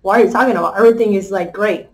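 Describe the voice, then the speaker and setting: A woman's voice: mid-range voice, very fast, natural voice. A woman voicing a friendly male gorilla from a storybook who patiently points things out. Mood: cheerful.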